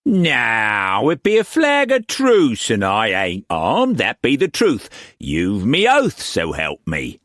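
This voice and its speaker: A man reading an audiobook, voicing a brash, swaggering pirate captain in his thirties with a slow, drawling, sing-song manner. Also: mid-range voice, wildly swooping pitch, a bit bright, no echo, clean studio sound, pitched above the performer's own voice, full character voice. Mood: sly.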